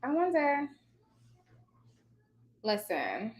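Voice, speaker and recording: A woman's voice: sits high, lively intonation, moderate pace, sharp tone. A woman in her thirties chatting casually to her viewers, telling stories and calling them y'all. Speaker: notary signing agent vlogger.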